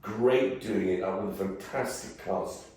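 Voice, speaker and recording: Older man, Birmingham accent, rambling guest speaker; low voice, distant mic, big reverberant hall. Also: measured pace, a little mellow. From England. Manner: rambling, jokey, casually swearing. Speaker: guest actor. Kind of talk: anecdotal talk and Q&A. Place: event room before a live audience.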